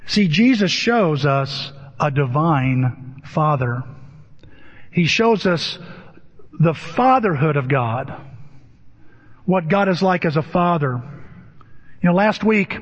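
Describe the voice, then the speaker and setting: High-voiced male preacher in a reverberant hall. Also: animated, slow pace, pauses often. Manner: emphatic preaching with rhetorical questions. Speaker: pastor. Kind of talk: sermon. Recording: dull lo-fi with long hall reverb.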